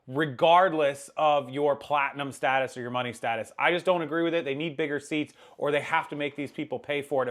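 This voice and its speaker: High-voiced man giving opinionated commentary. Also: fairly bright tone. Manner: opinionated, plain-spoken. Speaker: commentator reacting to viral clips. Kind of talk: casual reaction commentary.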